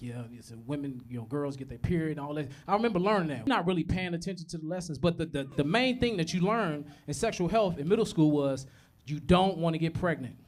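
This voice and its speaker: A young man doing a stand-up comedy set, telling profane stories, acting out voices and laughing at his own jokes. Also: on the high side. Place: comedy club stage.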